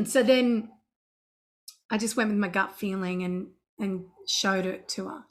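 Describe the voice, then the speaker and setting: A woman in middle age talks through her songwriting in a relaxed interview, her voice pitched in an ordinary middle range. She tells stories in a lively, chatty way, full of asides and restarts. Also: takes it slowly. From Australia. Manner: chatty and animated, breaking into sung scat syllables. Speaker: songwriter guest. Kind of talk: casual interview chat.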